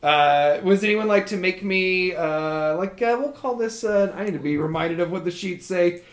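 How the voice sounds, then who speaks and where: A man's voice: high voice, moderate pace, roomy sound. A man narrating a tabletop game as game master, rambling with many fillers.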